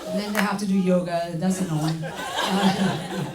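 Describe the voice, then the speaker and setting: A woman from France with a French accent, performing a stand-up comedy set in a sardonic, deadpan manner with frequent cursing. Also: on the low side, measured pace. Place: comedy club stage. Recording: echoey club, distant mic, audience noise.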